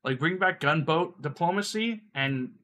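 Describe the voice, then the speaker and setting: A man's voice: fairly high pitch, animated, measured pace, a bit bright. A sick man streaming live, rambling crudely in casual chat and laughing often.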